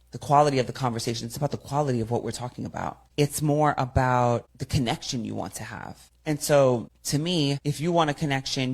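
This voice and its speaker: A woman's voice: rumbling low, slightly rough. A woman hosting a solo podcast as a communication coach, speaking directly and repeating key phrases for emphasis.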